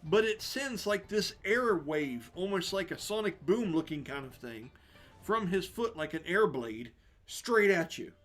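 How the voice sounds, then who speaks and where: A man running a tabletop game as game master, narrating the action in a lively, descriptive way and laughing often. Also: high-pitched, a little slow, soft background music.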